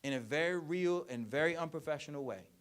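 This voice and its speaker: A man giving a keynote speech and answering audience questions, telling stories with emphatic, repeated phrasing. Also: a little high. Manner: animated storytelling, acts out parents and children in quick voices; emphatic, repetitive rhetorical phrasing. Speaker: keynote speaker.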